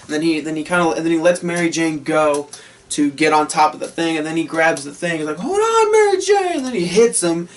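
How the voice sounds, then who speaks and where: A man gushing through a casual film review, swearing and laughing as he retells his favorite scenes. His voice is high for a man. It sounds set back from the microphone. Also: fairly quick, recorded from a distance. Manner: excited, profane, laughing often.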